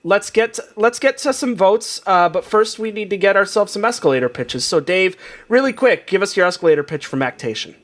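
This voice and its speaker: A man's voice: high voice, lively intonation, a little fast, few pauses, fairly bright tone. A man hosting a comedy game show podcast, joking and laughing as he runs the segments.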